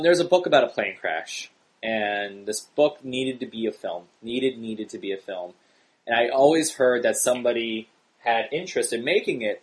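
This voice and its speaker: A man hosting a casual podcast chat, animated and excitable, his voice jumping up when worked up. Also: lowish voice, rough recording. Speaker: podcast host.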